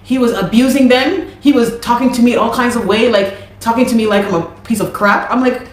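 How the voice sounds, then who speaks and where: A Canadian woman who is a musician gives an animated, exasperated account of a dispute, restarting herself many times. Her voice sits on the high side and moves fairly quickly, and the room she's recording in is very echoey.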